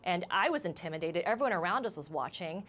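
A woman reporter in a live TV interview, shaken and emotional, speaking haltingly with many restarts. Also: on the low side, expressive, a bit bright, slight background noise. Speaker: news reporter as guest.

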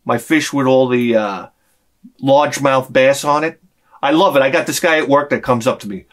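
A man's voice: medium pitch, moderate pace. A man hosting a casual unboxing vlog, rambling and exclaiming as he tells stories. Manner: rambling, animated storytelling with frequent exclamations. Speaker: YouTube collector vlogger.

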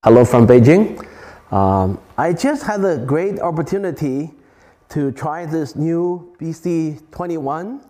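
A man's voice: on the high side, expressive, slow, a little mellow. A male clarinetist giving an enthusiastic testimonial about a new instrument. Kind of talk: friendly spoken testimonial.

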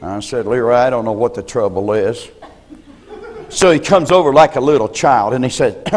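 An older man preaching a sermon as a pastor, telling folksy stories and often clearing his throat. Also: medium pitch, lively intonation, normal speed. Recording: reverberant church hall.

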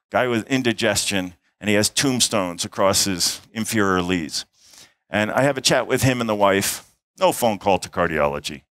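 A man's voice: on the low side, no room sound. Middle-aged man telling a conference story. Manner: animated storytelling, acts out dialogue and sounds. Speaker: emergency physician and airway instructor. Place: conference hall.

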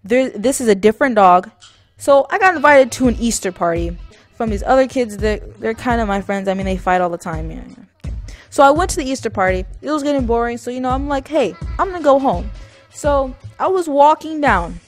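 A woman's voice: fairly high pitch, animated, a little fast. Young woman vlogging, rambly storytelling, lots of "like"s, faint music behind. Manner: rambling, many fillers, self-mocking asides. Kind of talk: casual storytelling commentary.

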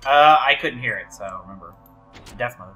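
A man's voice: on the low side, fairly quick, pushed and bright, faint music behind. A man co-hosting a let's play, chatting casually, joking and explaining at length, easily exasperated. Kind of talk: casual gaming chat.

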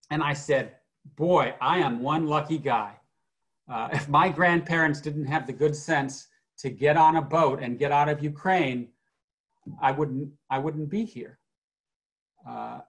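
Male panelist from the Midwest, a bit high-pitched, earnest and personal, halting restarts. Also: a bit bright. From Wisconsin, USA. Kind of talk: panel discussion remarks.

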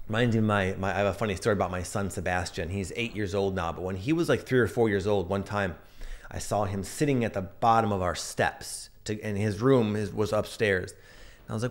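A man's voice: on the low side, brisk. A man in his thirties giving a casual, earnest astrology update and sharing personal stories as he reflects. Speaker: astrology and energy reader.

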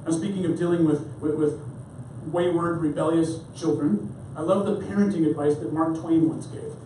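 A male pastor preaching a sermon in an animated, repetitive way. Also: fairly high pitch, normal speed, slight background noise. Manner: animated, repeats words when starting phrases. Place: church sanctuary. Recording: echoey hall, mic far off.

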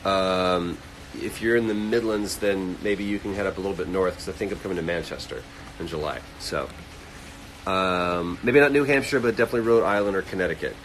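A man hosting a casual livestream, reading fan comments aloud and answering them quickly. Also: low voice, fairly bright tone, slight background noise, rough recording. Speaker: livestream host answering chat. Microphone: phone livestream.

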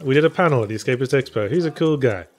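A man's voice: mid-range voice, very fast. Dry-witted British man chatting over gameplay. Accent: British English. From England. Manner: dry, deadpan wit. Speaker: co-host. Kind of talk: casual chat over gameplay.

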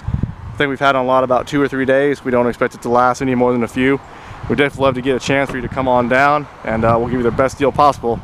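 A man walking a buyer around a used car as a salesman, repeating "very, very" and addressing the buyer as "sir". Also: medium pitch. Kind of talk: vehicle walkaround video. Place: outdoors at a car lot. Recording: noisy outdoor recording.

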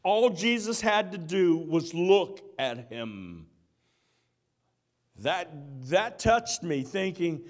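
A man's voice: high-pitched, very animated, slow. A man preaching a sermon in church, earnest and repeating his key phrases.

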